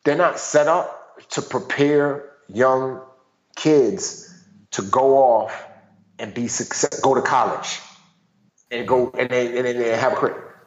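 A man, a guest and author, telling personal stories in an animated casual way, full of "you know" fillers. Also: medium pitch, slow pace, long pauses. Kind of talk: casual storytelling conversation. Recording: dull roomy sound.

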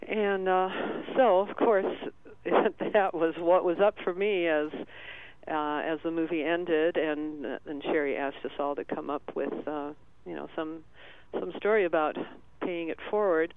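A man calling in to a radio show, telling a personal story in a halting, tearful way with many restarts. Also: on the high side, fairly even intonation, clean tone. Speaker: caller. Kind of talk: emotional call-in storytelling. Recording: tinny phone line.

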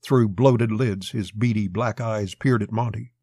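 A man with a gravelly voice reading a pulp crime story aloud as a scripted narration. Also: lowish voice, unhurried, warm tone, dry recording, studio quality.

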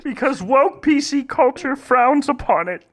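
A man on a comedy podcast doing an impression of a pompous, preachy older male lecturer in a high, strained voice. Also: expressive, unhurried, fairly bright tone, full character voice.

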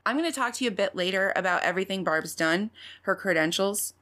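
A woman's voice: mid-range voice, animated, fast talker, sharp tone. Chatty woman podcast host. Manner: candid, chatty. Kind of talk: narration and interview.

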